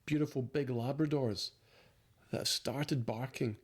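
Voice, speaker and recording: A man's voice: medium pitch, steady tone, measured pace, slightly rough. A man with a Scottish accent co-hosting a podcast, telling rambling stories in a casual, chatty way with plenty of fillers. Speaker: podcast co-host. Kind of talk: casual chat.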